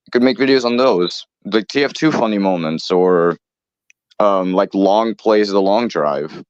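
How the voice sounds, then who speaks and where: A man's voice: lowish voice, unhurried, clear, resonant tone, no room sound. A man streaming and chatting casually with a friend, rambling, laughing often and swearing offhand. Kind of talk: casual chat. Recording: dull lo-fi dry mic.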